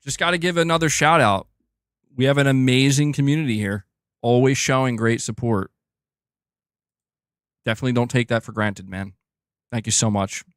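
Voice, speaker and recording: A male gaming livestream host chats casually and excitably as he reads out viewer messages. His voice is mid-pitched and sounds dry and close. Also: smooth, no echo. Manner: excitable and chatty, often says "dude".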